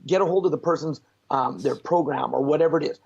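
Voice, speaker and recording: Man, animated coach storytelling, husky, lo-fi online call audio. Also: on the high side, quick pace. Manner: animated, blunt, peppered with mild swearing. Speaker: guest speaker, success coach. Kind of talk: storytelling in a conversational interview.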